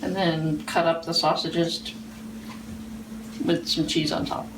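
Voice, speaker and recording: A woman's voice: low voice, flat delivery, measured pace, far from the mic. A woman chatting casually while cooking in a home kitchen, talking to her dogs. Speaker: vlogger. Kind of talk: casual chat. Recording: echoey, off-mic, noisy kitchen.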